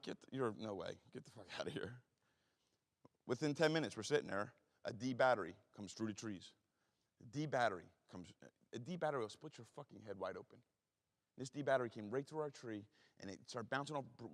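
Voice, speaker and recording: A middle-aged man tells a story to an audience at a quick clip. He is blunt and profane and acts out the people in it. His voice rings with the long reverb of a big hall. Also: medium pitch. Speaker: guest speaker.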